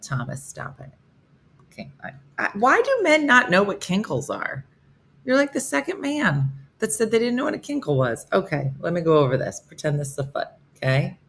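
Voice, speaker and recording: A woman's voice: medium pitch, big pitch swings, normal speed, fairly bright tone. A woman in her fifties hosting a casual live morning chat, joking and answering viewers by name. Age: 50s. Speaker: host of a live morning show. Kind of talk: casual live-stream chat reading comments.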